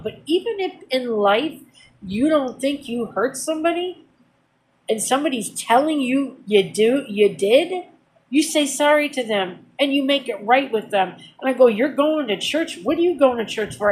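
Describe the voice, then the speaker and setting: A woman vlogger tells a personal story casually, venting in a heated, aggrieved way. Her speech is blunt and profane, full of repeated phrases and swearing. Her voice is fairly high, and the audio is poor.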